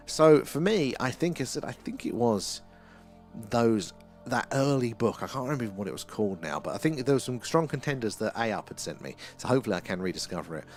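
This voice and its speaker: Chatty English man hosting a live stream. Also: on the low side. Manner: chatty and rambling, reads out chat names, laughs often. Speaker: livestream host. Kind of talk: live stream chat reading viewer comments.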